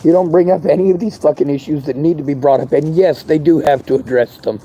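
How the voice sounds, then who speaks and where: A man's voice: fairly high pitch, fast, warm tone, muffled recording, slight background noise. A man delivering an angry monologue to camera, bitter and heavy with profanity. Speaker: vlogger.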